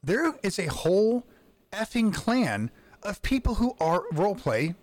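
A man hosting a podcast interview, telling rambling, excited stories and swearing casually. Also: sits high, measured pace. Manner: excited rambling storyteller who swears freely. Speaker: podcast host.

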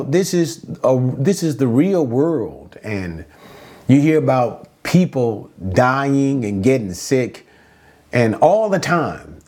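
Lively, animated middle-aged preacher. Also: male voice, on the high side. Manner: conversational, lively preaching with asides to listeners. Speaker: pastor. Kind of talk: sermon teaching.

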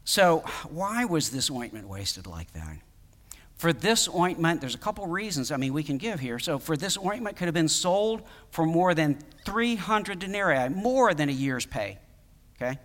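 A man's voice: a little high, animated, normal speed, fairly bright tone, long reverb tail. A man preaching a sermon in a conversational, emphatic way, with many fillers and restarts. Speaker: pastor.

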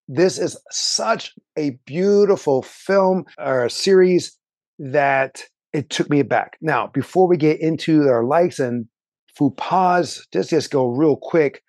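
A man's voice: on the high side, slow, a little mellow, dry recording. A man co-hosting a review podcast with his brother, chatting enthusiastically and running through cast and credits. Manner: lists credits, talkative, enthusiastic. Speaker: podcast co-host reviewing shows. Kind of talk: casual review chat.

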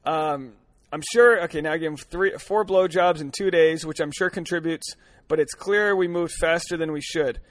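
Male podcast host, thirties, rambling comic monologue from a car, a bit high-pitched, dry. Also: moderate pace, a bit bright, dry recording. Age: 30s. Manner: crude, rambling, joking, many fillers and restarts. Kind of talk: solo comedic podcast monologue.

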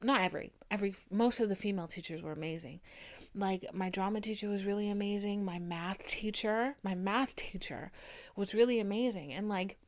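A woman's voice: medium pitch, brisk. A young woman hosting a podcast, talking in a candid, emphatic way and swearing freely as she speaks her mind. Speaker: podcast host. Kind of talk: casual monologue.

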